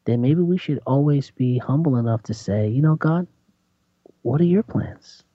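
A man preaching in a conversational sermon, animated and acting out voices with big jumps in pitch. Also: normal speed, no room sound. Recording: dull lo-fi sound.

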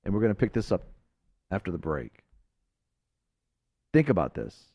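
A man preaching fervently as a talk show host, swinging between emphatic outbursts and hushed, earnest passages. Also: deep voice, huge pitch swings, normal speed, dry recording.

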